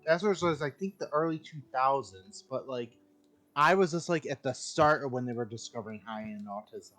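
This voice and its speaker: A man's voice: mid-range voice, brisk, a bit bright, faint music behind. A man in his thirties, a podcast guest, chatting casually with jokey, rambling explanations. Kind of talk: casual chat.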